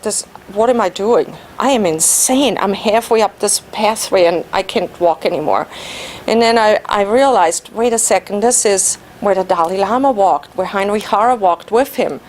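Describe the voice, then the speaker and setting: A woman whose first language is German, giving an animated personal story speech at a club meeting and laughing at herself. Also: medium pitch, a little hiss or hum. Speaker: Toastmasters speaker.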